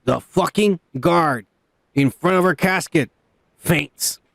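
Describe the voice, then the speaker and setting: A man's voice: a little high, takes it slowly, creaky, fairly bright tone, no room sound. A man hosting a casual podcast, rambling and swearing, often repeating himself. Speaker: podcast host. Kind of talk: casual drunk podcast banter.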